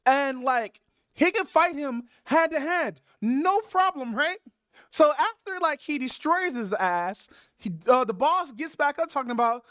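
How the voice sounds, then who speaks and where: High-pitched woman host, loose profane storyteller, recorded dry and dull. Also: lively intonation, a little slow, a bit bright, no echo. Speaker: podcast host. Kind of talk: casual chat.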